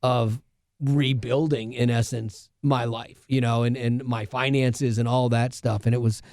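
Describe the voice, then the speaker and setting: A man's voice: mid-range voice, level tone, measured pace, darkish tone, no room sound. A man co-hosting a casual podcast, telling a personal story earnestly, with many restarts and asides. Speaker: radio show co-host.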